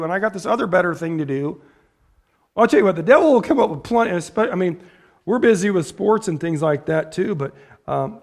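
Blunt pastor, high and gravelly, preaching in a loose conversational way and doing quick voices for the people he quotes. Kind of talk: casual sermon.

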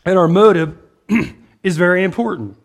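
A man preaching a casual sermon, talking things through with the room, asking for agreement and often clearing his throat. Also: sits high, expressive, normal speed. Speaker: pastor.

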